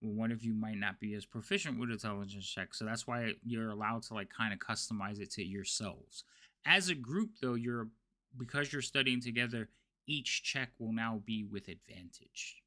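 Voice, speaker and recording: A man's voice: fairly low pitch, moderate pace, bright, forceful tone. A man running a tabletop game as game master, explaining rules in a loose, chatty way.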